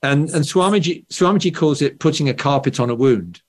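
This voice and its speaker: A man's voice: on the high side, brisk, husky. Guest author, English man, standard Southern English accent, explanatory conversational manner. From England. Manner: explanatory, frequent "right?" tags and restarts. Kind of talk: conversational interview.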